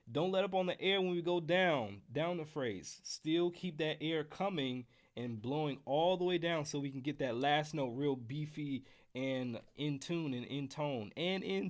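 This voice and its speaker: A man's voice: fairly high pitch, normal speed, few pauses. An American man teaching trumpet scales on a live stream, casual and joking with the chat. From United States. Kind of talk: live-streamed music lesson.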